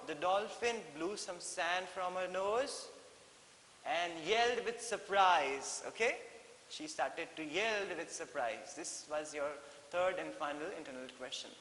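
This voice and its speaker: A male English teacher with an Indian English accent talks through a story in an animated, repetitive way, slipping into Hindi now and then. His slightly high voice sits in an echoey room with long reverb and a faint hiss. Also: slow. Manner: animated, mixes in Hindi, many fillers and repeats. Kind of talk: classroom lesson explaining a story.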